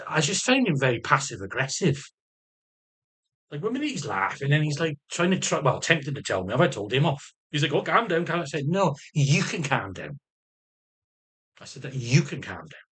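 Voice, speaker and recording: A man's voice: mid-range voice, fairly bright tone, slightly rough. A middle-aged man ranting in a casual monologue, swearing heavily, restarting and repeating phrases as he goes, and sometimes mimicking other people's voices. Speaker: vlogger.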